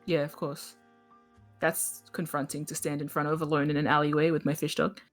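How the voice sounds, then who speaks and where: A woman's voice: deep voice, little pitch movement, brisk, faint music behind. A woman playing in a tabletop game, chatting casually and joking with her group. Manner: playful and joking, laughs often. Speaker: player.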